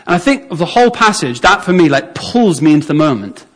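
A man with a notably high voice delivers a sermon. He tells the story vividly and acts out how the onlookers would have reacted. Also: very animated, quick pace, a bit bright. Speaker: preacher.

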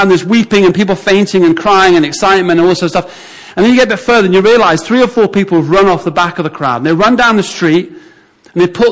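Guy with a high voice preaching, tells the story like a scene, acts out the crowd's reactions. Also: a bit bright. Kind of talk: sermon.

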